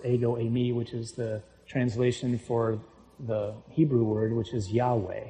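A man preaching a sermon, reading scripture aloud and explaining it in a conversational way, with sudden jumps in pitch and loudness for emphasis. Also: low-quality recording.

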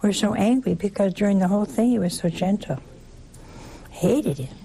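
A woman's voice: medium pitch, moderate pace, warm tone, a little hiss or hum. A woman preaching a conversational sermon, talking straight to listeners with rhetorical questions and asides.

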